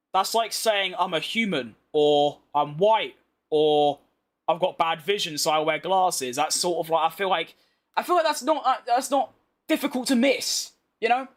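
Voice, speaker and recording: A young British gaming YouTuber with a high, somewhat bright voice talks casually over racing game footage. He reads chat and throws blunt, slangy banter back at viewer comments.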